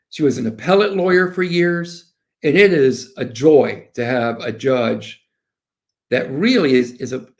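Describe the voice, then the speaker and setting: A Southern US defense lawyer in his sixties appears as a guest in a casual interview, his voice sitting on the high side. He tells stories in an animated way, often quoting other people.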